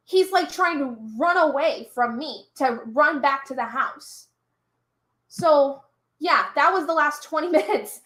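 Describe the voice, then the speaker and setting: A woman's voice: sits high, fairly bright tone. A young woman streamer chatting casually to live viewers, telling a story with lots of fillers and little laughs. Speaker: streamer hosting a reading sprint. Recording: echoey room.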